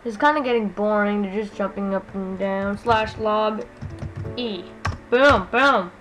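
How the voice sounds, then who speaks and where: A woman's voice: mid-range voice, unhurried, fairly bright tone, faint music behind, rough recording. A young woman giving goofy, teasing commentary over her own gameplay, mocking strangers and then taking it back. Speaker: gaming YouTuber.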